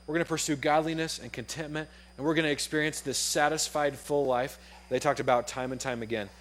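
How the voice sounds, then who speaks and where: A young man gives a sermon as a story, speaking casually and acting out each exchange. His voice sits a little high for a man. He talks in loose, friendly chat. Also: a little fast, a little hiss or hum. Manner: casual, animated, acts out dialogue in the story.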